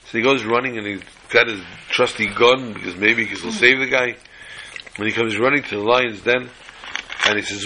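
Gravelly man telling folksy stories. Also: on the low side, steady tone, sharp tone, slight background noise, low-quality recording. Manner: folksy joke-telling, drops Yiddish and Hebrew phrases; acts out dialogue with quick quoted voices. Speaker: storyteller. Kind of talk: casual storytelling talk.

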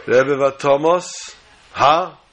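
A man's voice: medium pitch, takes it slowly, creaky, fairly bright tone, slightly rough, full character voice. A man voicing a confused, anxious young boy who pleads with his teacher. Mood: pleading. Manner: pleading, repeating one word.

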